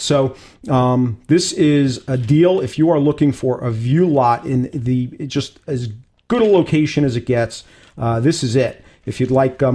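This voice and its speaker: A man hosting a radio real estate show, pitching a listing with emphatic enthusiasm. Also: warm tone. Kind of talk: casual radio talk show.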